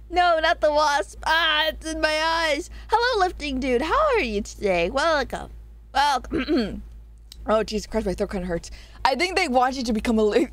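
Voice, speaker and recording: Animated high-voiced woman streamer. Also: dry recording. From Southern US. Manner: animated, swearing, reading chat aloud. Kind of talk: casual live-stream chat.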